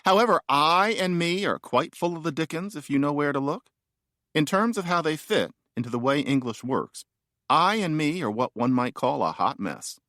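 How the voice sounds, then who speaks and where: A man's voice: a little high, lively intonation, normal speed, a bit bright, dry recording, studio quality. A man reading his own nonfiction audiobook in a wry, playful, conversational way.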